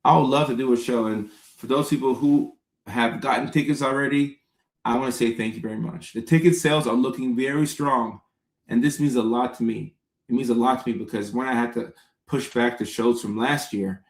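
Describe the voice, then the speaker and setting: A man hosting a casual livestream, answering viewers' comments by name in an unhurried, conversational way. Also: medium pitch, echoey room. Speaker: comedian and livestream host answering chat.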